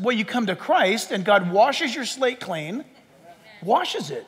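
A man preaching a sermon as pastor, emphatic and swinging between loud and hushed. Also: sits high, sing-song, unhurried, slightly rough. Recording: long hall reverb.

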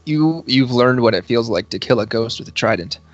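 A man's voice: animated, a little fast, no room sound. A man running a tabletop game as dungeon master, teasing his players and laughing often. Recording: dull low-fi sound with faint music.

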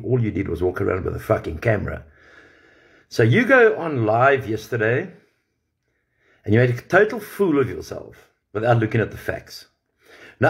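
Profane man ranting. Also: on the low side. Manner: confrontational and profane, addressing a rival directly. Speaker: livestreamer. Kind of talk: angry livestream rant.

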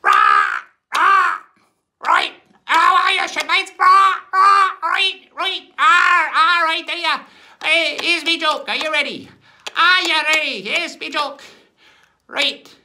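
A man voicing an excitable male parrot first mate, squawking and screeching in a shrill voice. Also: takes it slowly, exaggerated voice. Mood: excited squawking.

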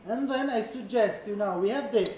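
A man with an Italian accent, a chef calmly explaining each step of a dough demonstration. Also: high-pitched, normal speed, very echoey, a little hiss or hum, rough recording. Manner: calm instructive, short encouraging words. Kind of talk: cooking demonstration.

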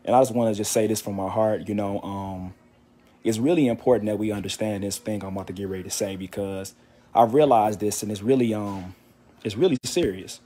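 A man's voice: lowish voice, brisk, dark tone. A man giving an earnest, repetitive faith exhortation to his channel, a little out of breath from walking.

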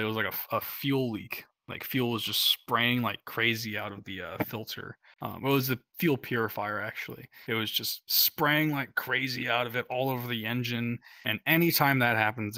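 Bright-voiced man telling rambling stories. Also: medium pitch, no echo. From United States. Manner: rambling, heavy use of "like" and "um" fillers; laughs while telling stories. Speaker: Coast Guard veteran guest. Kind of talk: casual storytelling.

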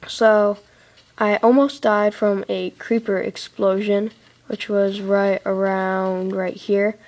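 A woman talks her way casually through a building game, rambling and giggling, then breaking into excited squeals. Her middle-pitched voice has a gravelly fry to it. She sits in a dark room, picked up by a tablet's built-in mic. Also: slow pace. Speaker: let's play host. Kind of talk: casual gameplay commentary. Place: dark room, sitting in a big armchair. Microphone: tablet microphone.

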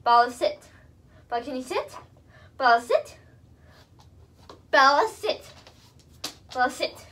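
High-voiced young woman vlogger. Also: lively intonation, takes it slowly, long pauses, a bit bright. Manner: repeats commands, gushes with praise. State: out of breath. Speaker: vlogger training her service dog. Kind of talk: casual home vlog.

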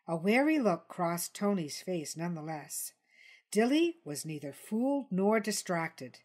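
A woman narrating a storybook in an even, measured read. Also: on the low side. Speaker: story reader.

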